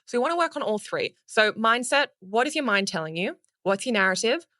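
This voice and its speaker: An Australian woman, a public speaking coach, giving energetic, playful advice in a podcast interview and casually swearing now and then. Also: a little high, brisk, dry recording, studio quality.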